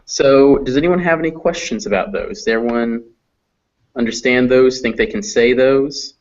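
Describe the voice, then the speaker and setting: A man's voice: medium pitch, moderate pace, a little mellow. A man teaching a phonetics class, patiently explaining sounds and drawing out example words. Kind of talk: classroom lesson. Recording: dull lo-fi recording.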